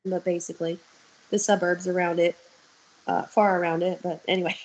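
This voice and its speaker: A woman's voice: on the low side, flat delivery, fairly quick, a little mellow, poor audio. A young woman talking candidly on a video call, telling stories and swearing freely. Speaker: guest. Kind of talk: casual chat.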